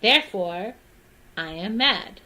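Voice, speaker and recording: A woman's voice: medium pitch, lively intonation, slow, pushed and bright, exaggerated voice. A woman doing the teasing Cheshire Cat. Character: grinning mischievous Cheshire Cat.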